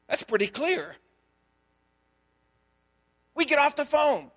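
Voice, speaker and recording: A man's voice: very high-pitched, slow pace, long pauses, big-room sound. A man, a pastor, preaching a sermon and telling a story, acting out the dialogue. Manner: storytelling, animated, acts out dialogue.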